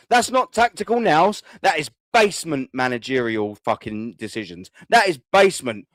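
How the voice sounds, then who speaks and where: A man's voice: on the high side, very animated, normal speed, few pauses, fairly bright tone, no room sound. A man, hosting a fan call-in show and ranting furiously, swearing and repeating himself. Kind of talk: angry fan rant.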